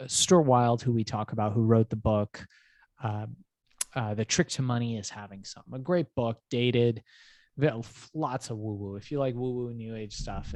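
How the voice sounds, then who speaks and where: A man's voice: mid-range voice, a little mellow, dry recording. Casual male podcast host, dry sound. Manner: rambling storyteller, casual swearing.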